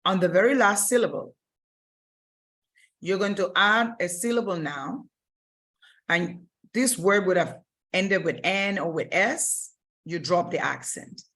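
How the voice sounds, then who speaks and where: A woman's voice: on the low side, measured pace, pauses often, fairly bright tone. A woman teaching Spanish grammar in a recorded lesson, explaining patiently step by step and often stopping to rephrase.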